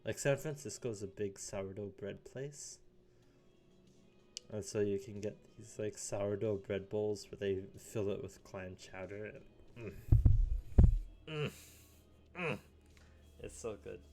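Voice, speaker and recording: A man's voice: fairly low pitch, slow, pauses often, a little mellow, faint music behind. A young man in his late teens rambling casually in a solo vlog, full of fillers and little chuckles. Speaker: vlogger.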